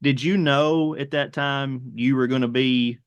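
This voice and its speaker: A man's voice: mid-range voice, steady tone, unhurried, smooth, dry recording, dull audio. A man hosting a radio interview in a studio, who asks his questions with brief, encouraging interjections. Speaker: radio host.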